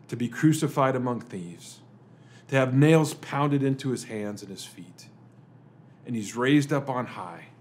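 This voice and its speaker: A man, a pastor, delivering a dramatic sermon full of rhetorical questions, swinging between emphatic lines and hushed ones. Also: medium pitch, slight background noise. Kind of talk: dramatic Good Friday sermon.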